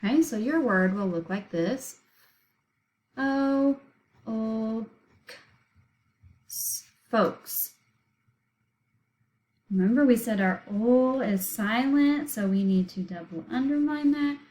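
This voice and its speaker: A woman's voice: mid-range voice, animated, unhurried, a little mellow, poor audio. A woman teaching a recorded spelling lesson, patiently sounding out words letter by letter and syllable by syllable.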